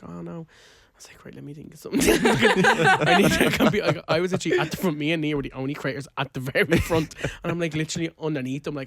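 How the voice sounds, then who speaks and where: Young irish guy on a podcast, kinda high voice, dry close sound, rambling and acting out what people said. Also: fast talker, no room sound. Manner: animated storytelling, lots of "like" and acted-out quotes. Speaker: podcast co-host. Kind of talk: casual chat.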